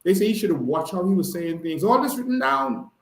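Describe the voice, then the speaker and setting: A man's voice: high voice, lively intonation, brisk, creaky, a bit bright, echoey room, low-quality recording. A man with a Bahamian accent, hosting a live stream as an activist and talking in a fiery, emphatic way, often checking in with "all right?". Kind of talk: impassioned livestream talk.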